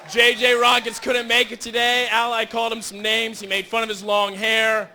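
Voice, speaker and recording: A man emceeing a gaming tournament, teasing the crowd and shouting to get them cheering. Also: very high voice, completely flat delivery, normal speed, a little hiss or hum. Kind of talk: joking crowd introduction. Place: large indoor tournament venue.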